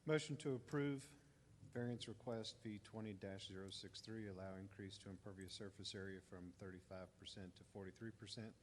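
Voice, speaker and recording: Male board member, lowish voice, matter-of-fact motions, faint room ambience. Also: steady tone, a little fast, slight background noise. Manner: plain, matter-of-fact recitation. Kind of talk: reading motions aloud. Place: community center gym.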